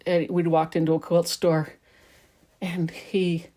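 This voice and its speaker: Chatty middle-aged woman quilter, low voice. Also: level tone, slow pace, dark tone, slight background noise. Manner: rambling, chatty, talks while working. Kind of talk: casual chat while sewing.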